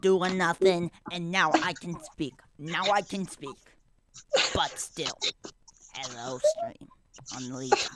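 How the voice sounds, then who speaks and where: A man's voice: high-pitched, wildly swooping pitch, slow pace, crowd noise, heavily acted. A man voicing Rex, a cheerful male T-Rex who loves to curse and keeps repeating his catchphrases, in a playful played-back clip. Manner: repeats catchphrases, friendly and chatty.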